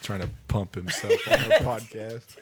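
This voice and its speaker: Young man, game host, laughing banter, lively pitch, light background hiss. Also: unhurried. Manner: laughing, profane, excitable. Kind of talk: casual party-game banter.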